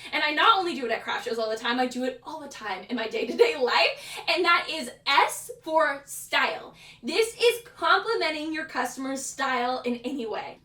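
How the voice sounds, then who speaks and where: A young woman with a high, bright voice talks through casual vlog tips in a chatty, upbeat way. She acts out little quoted exchanges as she goes. The room is echoey, and she sits a little back from the mic. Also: recorded from a distance. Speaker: craft seller and video host.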